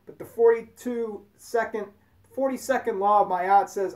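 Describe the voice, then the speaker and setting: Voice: medium pitch, a little slow, a little mellow. A host giving casual spoken commentary in a blunt, profane, rambling way. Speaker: video host.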